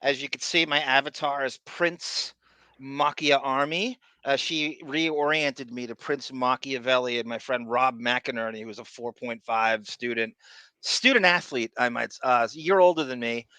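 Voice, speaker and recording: Bright, crude rambling male podcast host. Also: medium pitch, normal speed, clear, resonant tone, no room sound. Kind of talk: casual chat, greeting live chat viewers.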